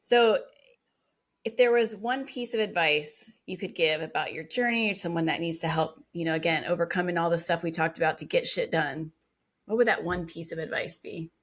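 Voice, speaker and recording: A woman's voice: fairly low pitch, normal speed. A woman hosting an interview podcast, casually affirming her guest and summing up her points. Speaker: podcast host.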